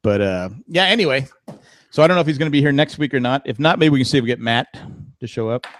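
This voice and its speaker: A man's voice: medium pitch, expressive, quick pace. A man hosting a podcast in casual, joking chat, thanking listeners and steering the talk. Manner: joking, thanks patrons and wraps up the show. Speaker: podcast host.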